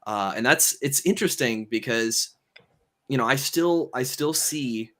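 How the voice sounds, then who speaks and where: A man's voice: medium pitch, pushed and bright. A man hosting a livestream panel, laying out an argument step by step with frequent fillers. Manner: measured, explains step by step with many fillers. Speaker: host and moderator. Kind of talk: casual panel discussion.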